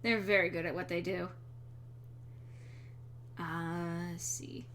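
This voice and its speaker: A woman streamer chatting casually while she draws, quick and rambling, swearing freely and laughing often. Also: lowish voice, flat delivery, fairly bright tone, slight background noise.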